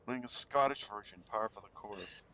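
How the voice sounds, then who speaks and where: A man's voice: fairly low pitch, normal speed, pushed and bright. A man with an American accent streaming a game on a headset mic, chatting casually and thinking aloud with plenty of ums. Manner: thinks aloud with many fillers. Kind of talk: casual gameplay chat.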